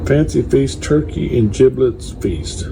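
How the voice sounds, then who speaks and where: A man's voice: medium pitch, expressive, takes it slowly, gravelly, noisy background. A man talking casually to his phone viewers, puzzled and asking them for help. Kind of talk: casual social media clip.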